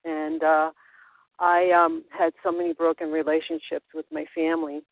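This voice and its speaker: A woman from upstate New York sharing at a recovery meeting, steady but with frequent ums. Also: deep voice, normal speed, no echo. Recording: dry tinny phone line.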